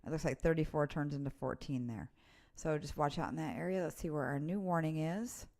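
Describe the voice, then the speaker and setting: With a low voice carrying some gravel, this female weather presenter moves a little quickly through an informal live update. She chats easily about the storm warnings, reading place names aloud as she goes.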